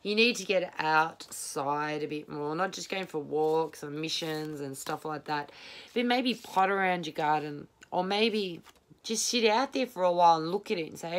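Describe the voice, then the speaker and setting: A woman's voice: low-pitched, normal speed. A woman giving a casual tarot reading at home, rambling, candid and blunt, swearing freely. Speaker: tarot reader. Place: home, at a small table.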